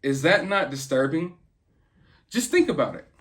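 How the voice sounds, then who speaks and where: A high-voiced man hosts a casual commentary, rambling in an earnest, opinionated manner. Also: big pitch swings, moderate pace. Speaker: host.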